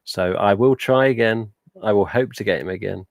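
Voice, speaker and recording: Reading viewer comments on his casual live stream, a man from England chats in a rambling way, peppered with "uh" and "but yeah." His voice is lowish and gravelly at a moderate pace, recorded with no room sound.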